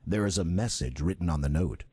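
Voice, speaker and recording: A game narrator reading scripted lines in a measured storybook manner, heard from game audio. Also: deep voice, lively intonation, mellow, husky, no echo. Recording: game audio with faint music.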